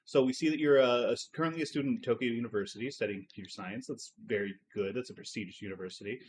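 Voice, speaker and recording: A man's voice: mid-range voice, rapid-fire, natural voice. A man voicing a nervous, sweating male company recruiter who stammers and keeps losing his train of thought. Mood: flustered.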